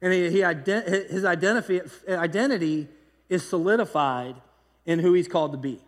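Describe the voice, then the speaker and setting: Animated preacher in a reverberant hall. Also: male voice, high-pitched, normal speed. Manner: conversational, animated storytelling with repeated restarts. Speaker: pastor. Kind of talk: sermon.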